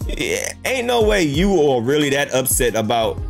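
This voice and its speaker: Brief: casual reaction host, man, lively swooping delivery, incredulous and slangy. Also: mid-range voice, normal speed, gravelly, faint music behind. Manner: incredulous, repeats "bruh", rhetorical questions.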